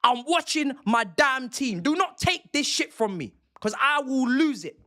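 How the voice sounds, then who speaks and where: A man's voice: very high-pitched, expressive, a little slow, sharp tone. A young man, a football streamer ranting angrily and with lots of swearing on a live stream. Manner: angry, profane, repetitive ranting.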